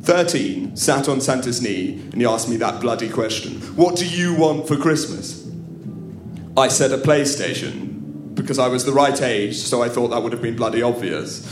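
A man's voice: medium pitch, lively intonation, normal speed, music in the background. A man telling a comic story at a live show, theatrical and wry, turning to the audience for asides. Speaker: comedian storyteller. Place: live comedy venue. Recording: echoey room at a live show.

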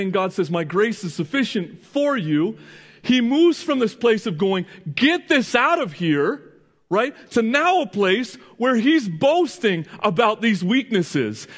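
High-voiced pastor preaching in a reverberant hall. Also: male voice. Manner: earnest, asks the congregation questions; frequent restarts and "right?" checks. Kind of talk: sermon.

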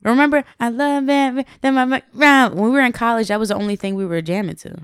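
A woman's voice: on the high side, fairly even intonation, fast, clean tone, no room sound, studio quality. A young woman guesting on a podcast, chatting bluntly and playfully, swearing freely. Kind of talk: casual chat.

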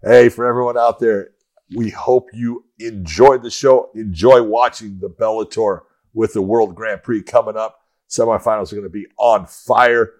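A man co-hosting a show in casual chat, laid-back and quick to swear, telling stories with animation. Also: on the low side, a little mellow. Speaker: podcast co-host.

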